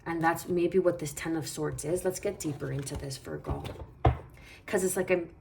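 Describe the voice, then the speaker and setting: Low-pitched female tarot reader, meandering and reassuring, faint hiss under the voice. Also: normal speed, vocal fry. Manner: meandering, reassuring, thinks aloud. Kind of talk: casual tarot reading.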